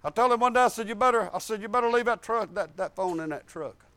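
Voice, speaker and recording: A middle-aged man with a drawl preaches a sermon in a homespun, storytelling way. His voice sits high, and he jumps from loud outbursts to near-murmured asides. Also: quick pace, smooth. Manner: folksy storytelling, swings from loud to hushed.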